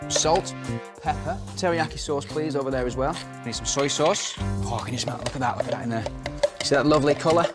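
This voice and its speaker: A man hosting a children's prank show, jokey and theatrical as he chats with a young helper. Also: medium pitch. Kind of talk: playful presenting to a child.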